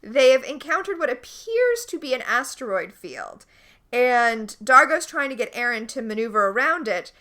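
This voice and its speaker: A woman co-hosting a casual podcast, recapping a TV episode with enthusiastic, animated storytelling. Her voice is bright and forceful, sitting a bit high. Her pitch swings widely from line to line. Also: moderate pace. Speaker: podcast co-host.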